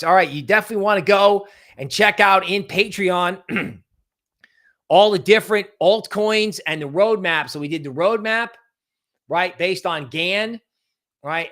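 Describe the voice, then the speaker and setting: Running a livestream of crypto market analysis, the host speaks with a fairly high, slightly bright voice. His delivery is loose and rambling, he keeps adding "right?", and he imitates panicking traders in over-the-top voices.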